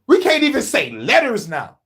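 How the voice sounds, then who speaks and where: A man's voice: fairly high pitch, lively intonation, unhurried, a little hiss or hum. A man doing casual commentary, slangy and profane, laughing often as he reacts to a video.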